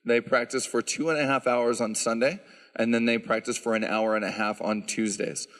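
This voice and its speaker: A man at mid pitch fields questions from a concert audience and explains each handbell instrument in an easygoing, explanatory way, with plenty of "um"s. His voice carries a long reverb, as though he were speaking in a church sanctuary. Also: normal speed. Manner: explanatory, relaxed, lots of "um" fillers. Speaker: bell choir director.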